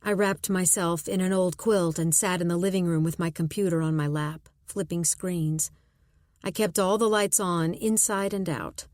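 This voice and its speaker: A woman narrating a suspense audiobook in first person, measured and tense. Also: fairly low pitch, fairly even intonation, a little mellow, no echo, clean studio sound.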